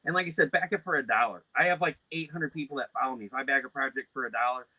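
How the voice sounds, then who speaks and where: Loud animated male podcast host. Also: medium pitch, rapid-fire, dry recording. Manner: loud, animated storyteller who puts on silly voices. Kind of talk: casual chat.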